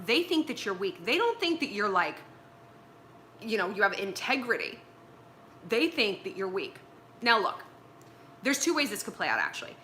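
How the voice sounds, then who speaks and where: A woman's voice: mid-range voice, bright, forceful tone, a little hiss or hum. A woman from Los Angeles hosting a casual advice livestream from home, blunt and swearing freely. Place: at home with pillows and tea.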